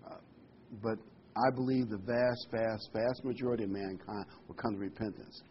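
A man's voice: lowish voice, steady tone, normal speed, muffled recording, slight background noise. A man giving a sermon, earnest and emphatic, repeating key words and reading scripture aloud. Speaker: preacher.

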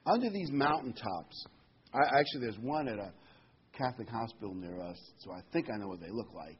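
A man's voice: mid-range voice, very animated, normal speed, slightly rough. A man delivering a sermon in a conversational way, with fillers and emphatic repetition. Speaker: preacher. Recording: dull lo-fi sound with faint noise.

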